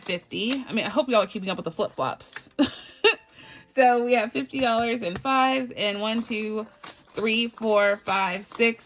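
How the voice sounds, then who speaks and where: A woman from Barbados talks through her budget in a casual home vlog. She is chatty and easily excited, laughs often, and counts bills out loud at a steady, ordinary pitch. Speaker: budgeting channel host. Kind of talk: casual cash-stuffing vlog.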